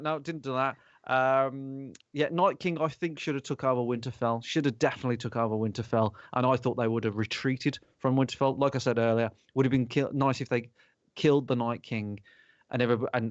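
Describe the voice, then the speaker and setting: Male podcast host, animated and foul-mouthed, middle pitch, muffled dry recording. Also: dry recording. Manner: animated, sweary, rambling. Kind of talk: casual podcast chat. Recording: dull lo-fi sound.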